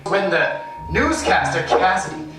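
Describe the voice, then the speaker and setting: A man's voice: sits high, big pitch swings, unhurried. A man, a street artist, chatting as an interview guest in a rambling, self-deprecating way that keeps wandering off on tangents. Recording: echoey room, distant mic, music.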